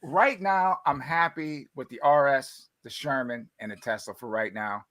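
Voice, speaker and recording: A man's voice: mid-range voice, normal speed, fairly bright tone. Laid-back man joking with livestream viewers. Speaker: livestream co-host. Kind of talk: casual livestream chat.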